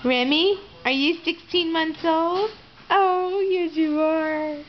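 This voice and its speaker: A woman's voice: very high-pitched, slow pace, muffled recording, slight background noise. A young mother at home, talking sing-song baby talk and coaxing her toddler, laughing often. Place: family home.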